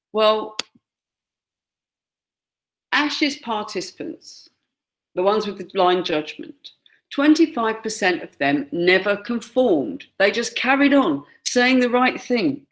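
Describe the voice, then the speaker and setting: A woman gives a classroom lecture, pointing out pictures and acting out quoted lines. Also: medium pitch. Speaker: teacher.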